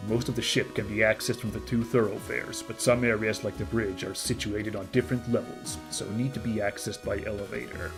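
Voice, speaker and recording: A man streaming a story game, reading its narration aloud and breaking into chatty, excited asides. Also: lowish voice, fairly quick, gravelly, few pauses, over music. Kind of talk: reading game text aloud with casual commentary.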